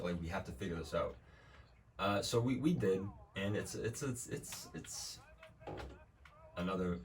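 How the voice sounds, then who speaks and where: A young man with a very low, deep voice rambles casually over his gameplay. He drifts between dry jokes and swearing. He sits some distance from the mic, with a faint hiss behind him. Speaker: streamer.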